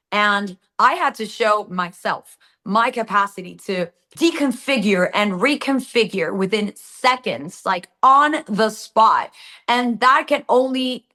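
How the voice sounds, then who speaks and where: A woman's voice: medium pitch, slow pace. A woman with a Latin American Spanish accent, a native Spanish speaker, telling stories animatedly in an interview and acting out quotes. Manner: animated storytelling with acted-out quotes. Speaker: actress guest. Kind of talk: casual interview answers.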